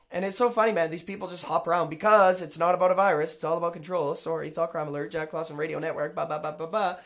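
A man's voice: on the high side, steady tone, brisk. A man commenting casually on a video, rambling and sarcastic, often correcting himself mid-sentence. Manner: rambling, self-interrupting, sarcastic asides.

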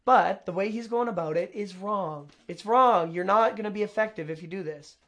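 A man with a higher-than-usual voice talks over a clip in a loose, rambling way. He interrupts himself, backtracks and drops sarcastic asides. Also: normal speed, noisy background. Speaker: commentator reacting to a video. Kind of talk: casual reaction commentary.

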